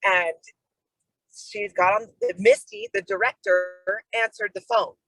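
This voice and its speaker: A middle-aged woman speaks slowly in a creaky, medium-pitched voice, telling a personal story on a video call as part of the program. She acts out quoted dialogue animatedly and uses "like" as filler often. There's no echo, though the recording is rough.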